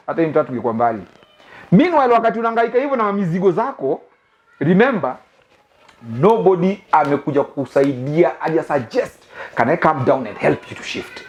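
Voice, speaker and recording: Lively Kenyan man, comic rant. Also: sits high. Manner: animated, laughing, mixes English and Swahili slang. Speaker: host. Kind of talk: comic monologue. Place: living room of a new house.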